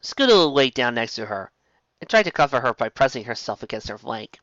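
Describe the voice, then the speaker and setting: A woman narrates a fan story with expressive, animated delivery. Her voice sits mid-range and moves a lot in pitch. The recording is dry and a little dull. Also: brisk, no echo. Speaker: reader. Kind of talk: reading a fan story aloud.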